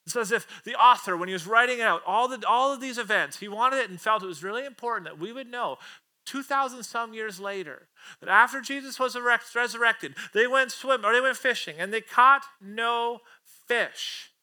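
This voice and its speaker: A man preaching a sermon, animated and playful, swinging from loud acted-out quotes to quiet asides with casual jokes. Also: very high voice, normal speed. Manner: playful, casual slang and self-aware jokes. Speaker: pastor.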